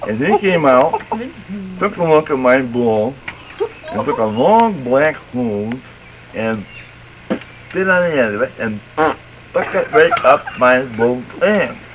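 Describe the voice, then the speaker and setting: This man speaks slowly at a medium pitch, with frequent pauses and background noise. In a drawling storyteller's manner he works through a long folksy joke, doing the characters' voices and climbing in excitement as it nears the punchline.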